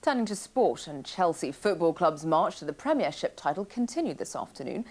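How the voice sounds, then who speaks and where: A woman news anchor reading the evening bulletin in a measured, formal way. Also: on the low side, big pitch swings.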